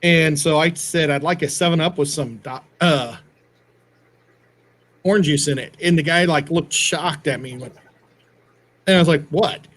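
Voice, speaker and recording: A man's voice: fairly high pitch, normal speed, pauses often, fairly bright tone. A middle-aged man co-hosting a livestream, telling rambling stories in casual chat. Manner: rambling, chatty storyteller. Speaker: livestream co-host.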